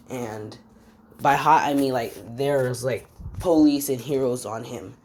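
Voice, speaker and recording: Woman, deep voice, improvised fan-story narration, rambling, filler-heavy, forgets names mid-sentence. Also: measured pace, darkish tone.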